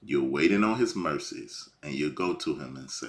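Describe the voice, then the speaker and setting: A man preaching informally, swinging from hushed lines to near shouting. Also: extremely low pitch, expressive, moderate pace, few pauses. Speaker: bible teacher.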